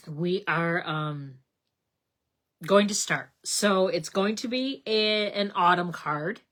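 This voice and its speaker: A middle-aged woman hosts a live craft stream in a fairly low voice. She talks in a loose, rambling way and stops to greet viewers by name. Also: slow, a bit bright. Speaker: card-making live stream host. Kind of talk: casual live craft demonstration.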